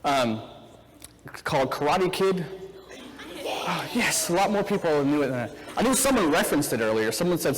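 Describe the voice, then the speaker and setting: A man's voice: a little high, expressive, normal speed. A man in his thirties giving a casual, chatty sermon, retelling a film scene with acted-out quotes before turning to scripture. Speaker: preacher. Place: church hall. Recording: reverberant church hall.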